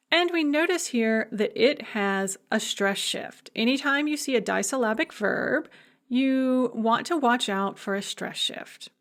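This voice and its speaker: A woman delivers a recorded language lecture in a fairly high voice. She speaks at a slow, measured pace, explaining grammar plainly and stopping to pronounce each model form carefully. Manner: clear explaining, slows to model Russian forms aloud. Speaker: Russian language instructor.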